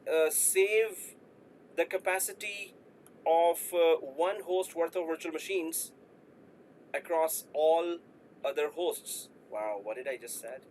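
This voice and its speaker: A man's voice: high-pitched, slight background noise, poor audio. A man teaching a live online IT class, explaining with playful asides and jokes. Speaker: IT instructor.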